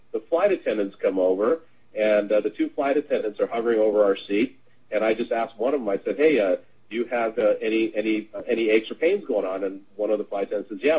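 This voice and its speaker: A middle-aged man hosts a webinar and tells a sales story in a casual, meandering way. His voice is low, mellow and a little husky. He keeps stumbling through fillers and restarts. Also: rough recording. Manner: rambling with frequent fillers and restarts. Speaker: webinar presenter. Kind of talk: casual anecdotal sales talk. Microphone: webinar audio.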